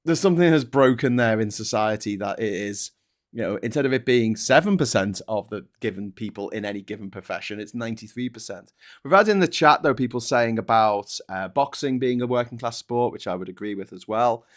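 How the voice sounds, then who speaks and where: A man's voice: mid-range voice, lively intonation, brisk. A man from Liverpool with a Scouse accent, a guest on a live chat stream, ranting passionately with jokey asides. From Liverpool, England.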